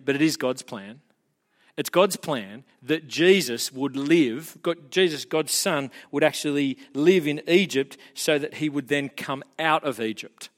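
A man preaching a sermon as a pastor, telling the story in an animated way and building to emphatic peaks. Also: medium pitch, long reverb tail.

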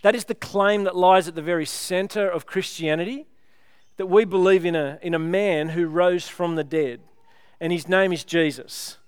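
Chatty pastor, high clear voice. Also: male voice, steady tone, moderate pace, no echo. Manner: chatty, joking with the congregation. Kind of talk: sermon.

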